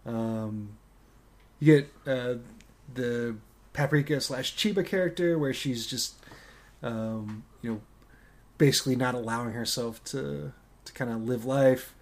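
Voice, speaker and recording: A man's voice: medium pitch, measured pace. A man co-hosting a casual movie-discussion podcast, talking in a loose, rambling way with frequent fillers and restarts. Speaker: podcast co-host.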